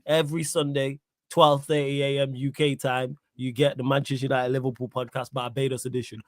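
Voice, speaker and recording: A man's voice: medium pitch, flat delivery, brisk, dry recording. A man hosting a casual podcast, reading out chat comments, slangy and given to laughing. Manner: laughs a lot, uses London street slang like "big up" and "yo". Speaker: podcast host.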